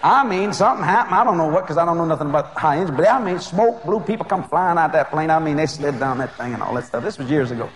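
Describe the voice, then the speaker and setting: A male preacher telling a story during a sermon, animated and often laughing as he goes. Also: fairly high pitch, quick pace, hardly any pauses, noisy background.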